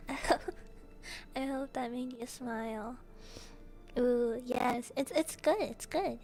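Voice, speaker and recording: A woman's voice: on the high side, slow pace, darkish tone, soft background music. A woman streamer answering viewer questions in casual chat, playful and giggly, laughing often between her jokes. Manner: joking, self-mocking princess bits.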